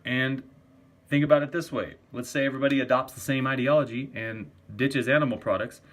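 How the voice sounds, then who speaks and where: A man's voice: mid-range voice, fairly even intonation, fairly quick, a bit bright. A man ranting in a casual vlog, arguing for a vegan diet, swearing often and repeating himself. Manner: profane, argumentative, repetitive. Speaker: vegan vlogger.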